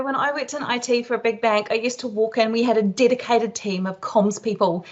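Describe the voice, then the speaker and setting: A woman presenting tech updates in a casual webinar, enthusiastic and chatty with frequent fillers, speaking through a headset on a video call. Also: fairly high pitch. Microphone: headset, later computer microphone. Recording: dull, lo-fi video-call audio.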